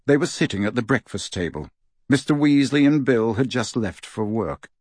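A man narrates a storybook with an expressive, lively telling that rises and falls a great deal. His voice is husky rather than smooth. The recording is dry and close, with no room echo. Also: medium pitch, moderate pace. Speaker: audiobook reader.

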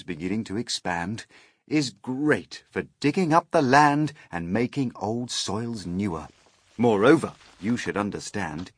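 A man reads a rhyming children's story in a playful, sing-song rhythm. His pitch rises and falls a great deal, with a slightly husky edge. The sound is close and dry. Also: no room sound.

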